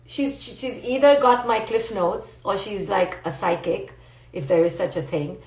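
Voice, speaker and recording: Animated woman teaching live, roomy sound. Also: medium pitch, normal speed. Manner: animated, playful, answers viewer comments. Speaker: psychologist giving a live talk. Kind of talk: live-stream motivational teaching. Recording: roomy echo.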